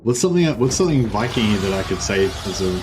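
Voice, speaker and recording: Rambling low-voiced male game streamer. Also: quick pace. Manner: rambling, self-interrupting, swears casually. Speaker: gaming streamer. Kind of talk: casual gameplay commentary. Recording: steady background noise.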